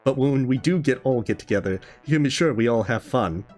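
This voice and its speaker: A man's voice: medium pitch, animated, fairly quick, soft background music, lightly acted. A man reading the lines of a friendly, rambling old male hermit in his own plain voice, with no accent put on.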